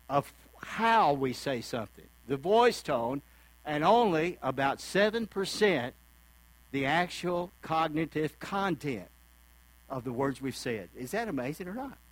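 A folksy male preacher delivering a sermon in a fairly high voice. He talks conversationally and slips into the voices of the people he quotes. The sound is dry and close, with a faint mains hum underneath. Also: no echo, poor audio.

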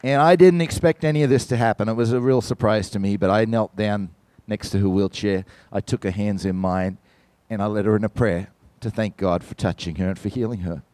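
A man giving a sermon testimony, telling a story with lively, animated delivery and speaking directly to the congregation. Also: fairly low pitch, a little fast, no echo. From from outside the United States. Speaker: visiting church musician and speaker.

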